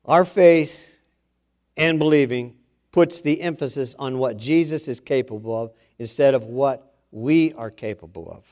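A man's voice: medium pitch, unhurried, a little mellow. A man preaching a sermon, earnest, with self-deprecating asides, rising in force when he exhorts.

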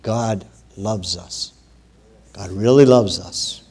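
A man preaching a sermon in a conversational way, with many pauses, growing louder and higher when he quotes scripture. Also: slightly rough.

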